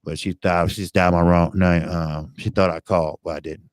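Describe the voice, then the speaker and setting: A man's voice: low voice, level tone, moderate pace, no room sound. A man hosting a boxing channel, talking casually on a live stream in an earnest, blunt way and repeating himself for emphasis.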